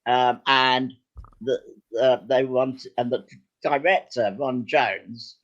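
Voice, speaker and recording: An older man, a guest actor and writer, telling lively, self-deprecating anecdotes with some hesitation in casual chat. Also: medium pitch, slow pace, dull audio.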